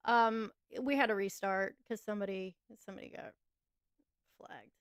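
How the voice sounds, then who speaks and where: A woman co-hosts a livestream, chatting loosely, laughing a lot and replying to comments from viewers. Her voice has a gravelly rasp and sounds close and dry. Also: mid-range voice, unhurried, long pauses, a bit bright, no echo. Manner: chatty, laughs often, reads and answers chat. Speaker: livestream co-host. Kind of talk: casual livestream talk.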